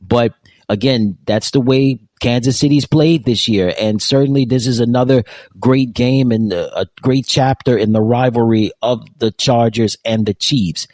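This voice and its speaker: A man's voice: medium pitch, normal speed, darkish tone, no room sound. A man hosting a sports show, giving solo football commentary in an emphatic way and repeating his points.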